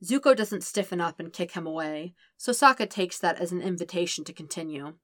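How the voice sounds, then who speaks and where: A woman narrating a fan fiction story in an even, measured reading style, slowing and softening on tender lines. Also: on the low side, dry recording, clean studio sound. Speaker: podfic reader.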